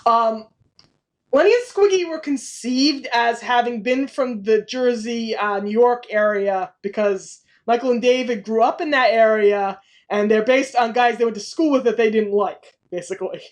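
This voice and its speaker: A woman hosting a casual podcast, talking quickly and laughing often as she piles on background trivia. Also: fairly high pitch. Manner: animated, laughs often, info-heavy. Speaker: podcast host.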